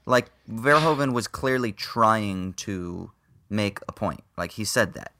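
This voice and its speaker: A man's voice: on the low side, expressive, slow, pushed and bright. A man co-hosting a podcast, talking films in a casual, swearing way with lots of fillers. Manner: swears freely, many fillers. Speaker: podcast co-host. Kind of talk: casual film discussion.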